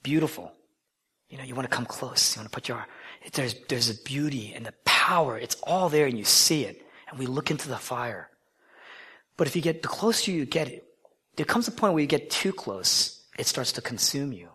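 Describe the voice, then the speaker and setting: Male preacher, mid-pitched, dynamic delivery, bold claims dropping to near-whispers. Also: lively intonation, normal speed, breathy edge. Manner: dynamic, swings from loud declarations to hushed whispers; conversational, asks the listeners questions. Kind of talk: sermon.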